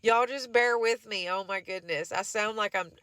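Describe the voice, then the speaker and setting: A woman's voice: medium pitch, moderate pace, a bit bright, a little hiss or hum. Stuffy-nosed Southern woman chatting through a craft. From Southern United States. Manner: chatty, rambling, says y'all and honey. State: stuffy nose from hay fever. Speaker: DIY crafts vlogger. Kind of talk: casual how-to narration.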